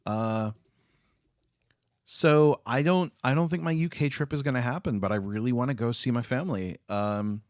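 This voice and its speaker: A man's voice: medium pitch, moderate pace, dry recording, studio quality. A man chatting casually with viewers on a live stream, rambling with lots of fillers and restarts. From United States.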